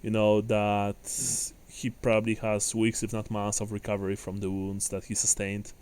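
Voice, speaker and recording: A man narrating a tabletop role-playing game as game master, unhurried and descriptive, with everyday fillers. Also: lowish voice, completely flat delivery, darkish tone, smooth.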